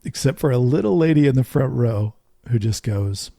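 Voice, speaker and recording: A middle-aged man hosts a podcast in an earnest, storytelling monologue. His voice is mellow and warm at a middle pitch, recorded close and dry. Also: expressive, normal speed, creaky, no room sound. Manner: earnest, storytelling, fond of rhetorical "right?". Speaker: podcast host.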